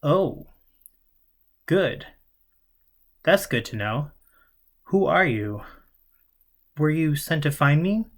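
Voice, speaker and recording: A man's voice: fairly high pitch, sing-song, extremely slow, long pauses, pitched above the performer's own voice, exaggerated voice. A man doing a jittery, stammering young man. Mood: nervous. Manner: stammering, anxious. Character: nervous young man, confused and scared.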